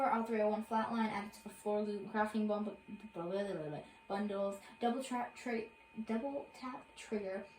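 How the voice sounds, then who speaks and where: A woman's voice: a little high, darkish tone, reverberant, slight background noise, poor audio. Rambling young woman reading patch notes. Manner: rambling, filler-heavy, self-correcting. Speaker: gaming video creator.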